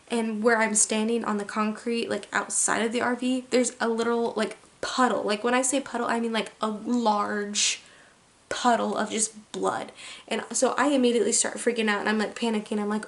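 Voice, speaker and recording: A woman's voice: a little high, gravelly. Chatty young woman telling a story. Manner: chatty, heavy use of "like"; animated, dramatic retelling. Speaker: vlogger. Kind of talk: casual storytime.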